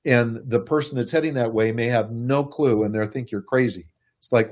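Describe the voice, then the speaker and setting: A man giving a casual, animated explanation to a listener, chuckling and speaking to them directly. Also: medium pitch, moderate pace. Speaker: speaker explaining personality types.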